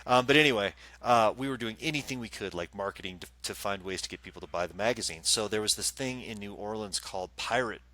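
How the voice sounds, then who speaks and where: Rich: A man with a low, bright and forceful voice tells a story in a casual chat show. He talks in an animated way and puts on the voices of the people in his story. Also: fast, hardly any pauses. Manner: animated storyteller, acts out quotes. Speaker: co-host and psychic medium. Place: live streamed show.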